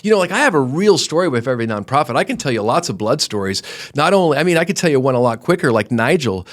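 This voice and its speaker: A middle-aged man, a company founder, telling stories earnestly in an interview, animated, often restarting his sentences. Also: mid-range voice, quick pace. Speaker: guest, roofing company founder. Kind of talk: conversational interview storytelling.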